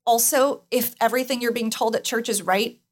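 Reflective woman guest, slightly high voice. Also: fairly even intonation, a little fast. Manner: reflective, earnest, light laughs. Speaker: podcast guest. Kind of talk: casual interview chat.

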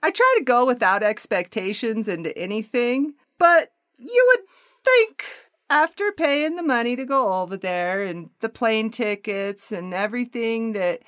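A woman's voice: on the high side, lively intonation, moderate pace, hardly any pauses, no room sound, clean studio sound. An American woman, a podcast guest, talking candidly and animatedly and laughing often. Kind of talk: casual podcast interview.

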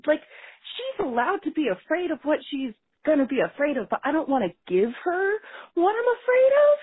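A woman calling in to a podcast, telling a story in an expressive, swearing, casual way. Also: sits high, fairly quick, dry recording. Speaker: caller. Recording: tinny phone line.

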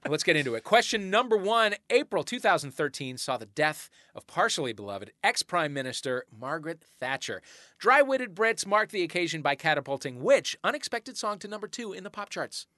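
A middle-aged man hosting a comedy quiz show, playful and quick to laugh between questions. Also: high voice, big pitch swings, bright, forceful tone, dry recording, studio quality.

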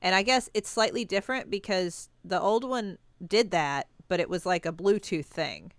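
A woman's voice: medium pitch, normal speed, no echo. A woman co-hosting a casual chat podcast with her sisters, giggling and rambling as she trails off mid-thought. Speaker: podcast co-host.

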